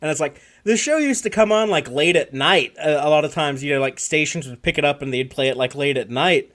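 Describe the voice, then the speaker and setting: Jokey rambling man, slightly high voice. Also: a little fast, fairly bright tone. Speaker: podcast co-host. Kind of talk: casual live-stream chat.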